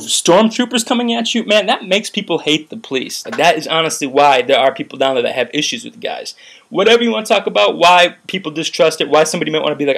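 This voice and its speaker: A man's voice: on the high side, expressive, fast, gravelly, fairly bright tone. Profane ranting young man vlogger. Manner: profane, heated, rambling with frequent "like". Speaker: vlogger recounting a protest. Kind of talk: ranting video commentary.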